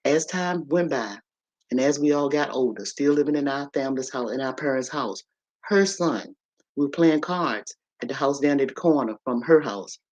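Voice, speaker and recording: A woman's voice: a bass voice, expressive, normal speed, a little mellow, dull audio. A woman hosting a casual livestream, telling a story and preaching to her viewers, with in her speech. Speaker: livestream host. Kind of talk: casual live-stream monologue.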